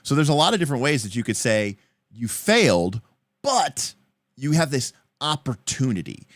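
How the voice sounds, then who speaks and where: A man hosting a livestream, casually answering viewer questions with animated game-master advice. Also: medium pitch, normal speed, no room sound, studio quality. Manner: animated, explanatory, answering chat comments.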